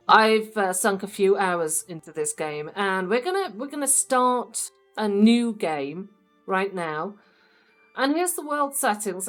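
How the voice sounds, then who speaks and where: Woman doing game commentary, chatty and upbeat, talks right to the viewers, a bit of music underneath. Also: medium pitch. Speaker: gaming channel host. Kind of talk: casual let's-play commentary.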